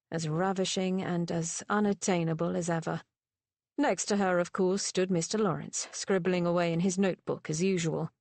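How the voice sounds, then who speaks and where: A woman narrating a romance novel in a measured, even storytelling manner. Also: mid-range voice, no echo. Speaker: audiobook narrator. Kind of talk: scripted narration.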